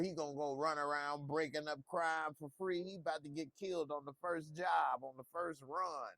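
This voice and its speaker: A man's voice: fairly high pitch, a bit bright, no echo. A man reviewing a TV episode in a casual, joking way, talking back to what he watches. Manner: laid-back, joking, talks back to the screen. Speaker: TV show reviewer. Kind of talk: casual reaction commentary.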